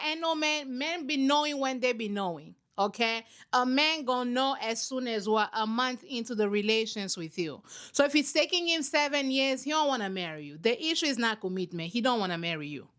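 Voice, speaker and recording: Young female host, high bright voice, blunt and sassy reactions. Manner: sassy, blunt, laughing asides. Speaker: host, reality show commentator. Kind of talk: casual reaction commentary.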